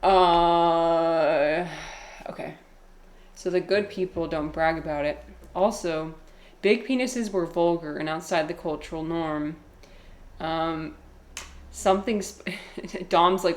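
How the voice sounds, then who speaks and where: Giggly, chatty woman streamer, slightly low voice. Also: takes it slowly, pauses often. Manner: chatty, giggly, self-deprecating, reads chat aloud. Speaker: livestreamer playing a game. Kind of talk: casual live-stream chat.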